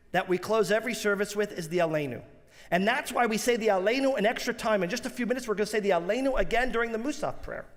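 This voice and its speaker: Brief: male rabbi, sermon, earnest rhythmic delivery, slightly high voice. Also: fairly bright tone. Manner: earnest, rhythmic preaching with emphatic alliteration. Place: large synagogue sanctuary. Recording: long reverb of a large sanctuary.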